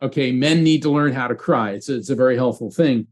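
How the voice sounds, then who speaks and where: A man in an interview talks earnestly, recounting a personal story with animated energy. His voice sits at an ordinary pitch and he often restarts his phrases as he goes. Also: fast. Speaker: psychic medium guest, former trial lawyer.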